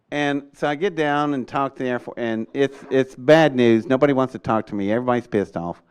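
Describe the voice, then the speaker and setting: An older man, telling a story in an animated way and acting out the voices in his quotes. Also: mid-range voice, moderate pace, clean tone. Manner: acts out voices in quotes, excitable, laughs often. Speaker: storyteller recounting an experience.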